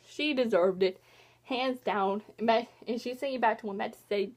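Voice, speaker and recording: A woman talking casually in a vlog, rambling and excitedly reviewing a book she loves and hates parts of. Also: a little high, moderate pace. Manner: animated swings between loud and soft. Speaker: book vlogger.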